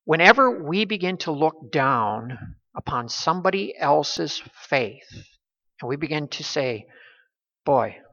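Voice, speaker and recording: A man preaching a sermon in a measured way, warning his listeners and quoting scripture. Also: fairly high pitch, animated, bright, forceful tone. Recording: dull lo-fi recording.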